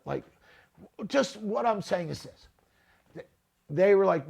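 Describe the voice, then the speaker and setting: A man's voice: sits high, expressive, unhurried, gravelly, pauses often, darkish tone, husky. A middle-aged man hosting a podcast, talking bluntly and off the cuff, often repeating "listen" and "right?". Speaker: podcast host. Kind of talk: blunt unscripted monologue.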